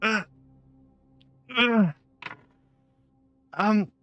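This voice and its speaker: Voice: mid-range voice, fairly bright tone, dry recording, muffled recording, soft background music, voice pushed up. A game master voicing a timid, bewildered male creature with a flashing eye, who stammers and halts in a tabletop game. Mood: hesitant. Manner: stammering, halting and unsure.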